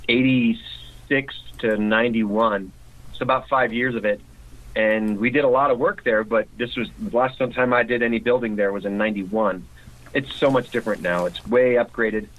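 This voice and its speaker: Mid-pitched male guest, conversational. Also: steady tone, moderate pace, fairly bright tone, low-quality recording. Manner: conversational, frequent restarts. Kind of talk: casual interview.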